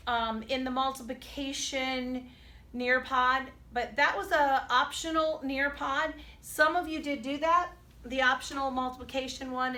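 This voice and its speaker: A chatty middle-aged music teacher with a high, sharp voice walks students through a rhythm game step by step. The lesson was recorded in an echoey room with the mic placed at a distance.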